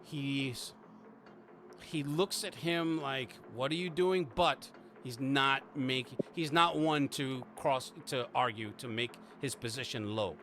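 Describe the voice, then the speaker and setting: A man's voice: medium pitch, slow, bright, forceful tone, a little hiss or hum. A man narrating as game master, rambling with lots of restarts and casual swearing.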